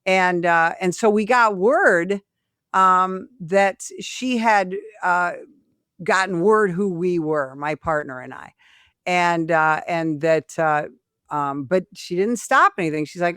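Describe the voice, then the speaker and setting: Unhurried and lowish, her voice has a clean tone, free of echo and of studio quality. The speaker, a retired police sergeant from Illinois, shares a story in a casual interview, bringing it to life by acting out the people's voices.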